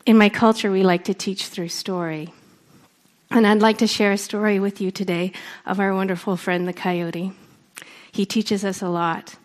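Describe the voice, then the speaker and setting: A woman from Canada, a storyteller, giving an earnest public speech with deliberate emphasis. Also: mid-range voice, steady tone. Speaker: storyteller and speaker.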